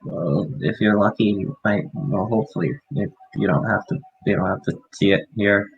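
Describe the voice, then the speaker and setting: A man playing a tabletop game, talking in a halting way with many restarts. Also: lowish voice, creaky, husky, dull audio. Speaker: player. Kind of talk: casual tabletop chat.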